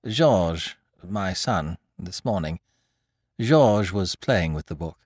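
A man's voice: low-pitched, lively intonation, slow, darkish tone, breathy edge, dry recording, clean studio sound, exaggerated voice. A man voicing a sad, resigned young noblewoman who gives polite, hesitant answers in an audiobook.

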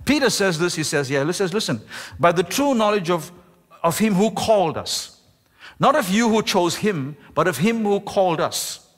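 A man, the pastor, preaching a sermon with emphasis, slowing down and stretching key words. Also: high-pitched, expressive. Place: church sanctuary. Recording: echoey church hall.

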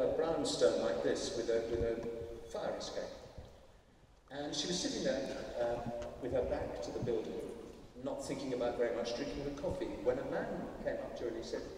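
A man's voice: medium pitch, expressive, moderate pace, noisy background. A man giving a conference talk to teachers, addressing the audience directly and telling a story in a conversational way. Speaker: conference speaker. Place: large conference hall. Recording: echoey hall from far off.

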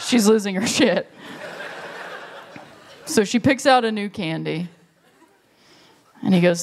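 A stand-up comic in their thirties telling a long story on a live stage, briefly acting out the people in it with quick voices. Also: mid-range voice. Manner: storytelling, acts out characters in quick bursts. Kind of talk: stand-up comedy set. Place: live stage before an audience. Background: audience laughter.

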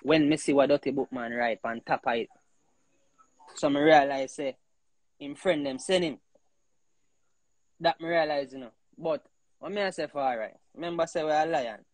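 A man with a Jamaican accent talking in patois in a rambling, animated casual chat, leaning on "you know" again and again. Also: fairly high pitch, normal speed, pauses often, no echo.

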